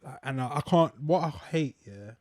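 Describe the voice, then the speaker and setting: A man co-hosting a podcast, talking in a laid-back, teasing way with drawn-out phrasing. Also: mid-range voice, expressive, darkish tone, no room sound, clean studio sound. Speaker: podcast co-host. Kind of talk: casual chat.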